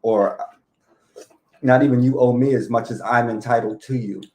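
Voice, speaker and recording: Man, casual chat, laid-back, joking, mid-pitched. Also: fairly even intonation, normal speed, darkish tone.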